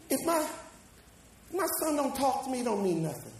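A pastor preaching a sermon, building to shouts and calling the congregation to read along. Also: male voice, very high voice, very animated, moderate pace, gravelly, pauses often. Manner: preaching with rising shouts and call-and-response. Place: church. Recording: echoey church hall from far off.

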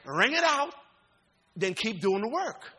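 A man pastor preaching a sermon, folksy and informal, swinging from loud rising shouts to low quiet talk. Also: big pitch swings, unhurried, breathy edge.

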